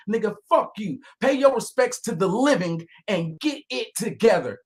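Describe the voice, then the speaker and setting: A man giving angry, profane commentary, often shouting, with calmer reflective stretches. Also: high voice, moderate pace, few pauses. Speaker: online commentator.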